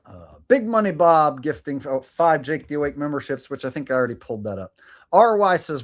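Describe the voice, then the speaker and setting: A man's voice: a little high, lively intonation, brisk. A man hosting a live stream, chatting sarcastically with viewers and rambling between topics. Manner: sarcastic, rambling, talks to chat. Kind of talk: casual live-stream commentary.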